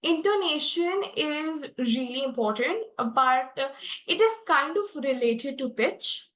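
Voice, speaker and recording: A woman's voice: sits high, lively intonation, slow, fairly bright tone, echoey room, poor audio. A young woman with an Indian English accent teaching a public speaking lesson, earnest and full of fillers and restarts. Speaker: guest expert speaker.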